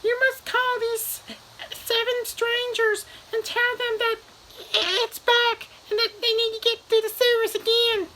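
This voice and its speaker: A man voicing a menacing killer puppet that speaks from a TV, in a very high, strained squeak. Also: level tone, unhurried, bright, forceful tone, slight background noise, full character voice, rough recording. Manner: threatening, mock-sinister.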